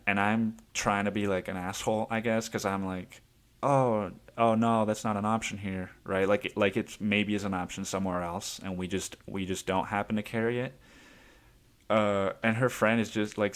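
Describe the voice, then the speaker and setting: A man's voice: fairly low pitch, a bit bright. A man hosting a solo podcast, rambling casually and swearing often with self-amused laughs. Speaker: podcast host.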